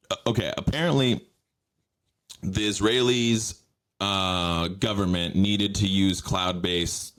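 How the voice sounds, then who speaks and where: Man, podcast host, low voice, casual news riffing, profane, rambling.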